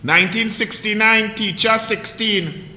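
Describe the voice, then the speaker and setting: A man's voice: high-pitched, measured pace. Combative Trinidadian man in an echoey room. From Trinidad and Tobago. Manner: mocking, combative, shouting rhetorical questions. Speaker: political commentator. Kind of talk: heated political monologue.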